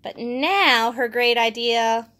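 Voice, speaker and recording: A woman reviewing a children's picture book, reading pages aloud with expressive enthusiasm. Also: a little high, takes it slowly.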